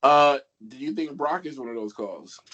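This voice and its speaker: A man's voice: medium pitch, normal speed, fairly bright tone, dull audio. A man co-hosting a casual wrestling podcast, teasing the others and questioning them. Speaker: podcast co-host.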